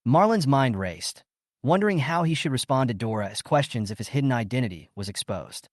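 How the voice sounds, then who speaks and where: A man's voice: medium pitch, lively intonation, brisk, no echo. Guy narrating a story recap, bouncy up and down delivery, dead dry sound.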